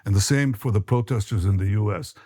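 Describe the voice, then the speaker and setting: A man with an Israeli accent, answering interview questions as a prime minister, measured and halting with many filler pauses. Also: on the low side, dark tone, no room sound, clean studio sound. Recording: interview clip played in a reaction stream.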